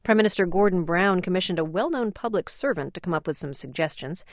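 A woman news anchor reading a formal, scripted story introduction in an even way. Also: fairly low pitch, fast talker, no room sound, studio quality.

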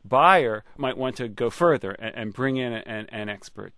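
A man's voice: mid-range voice, normal speed, fairly bright tone, no echo, studio quality. A man giving ethics advice as a radio guest, wry and joking, with frequent stumbling restarts.

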